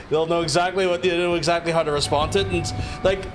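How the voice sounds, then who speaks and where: Rambling Belfast man with a slightly high voice. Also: steady tone, fast, hardly any pauses, fairly bright tone, a little hiss or hum. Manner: rambling and profane, with many fillers and restarts. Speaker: streamer. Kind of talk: casual chat while playing a game.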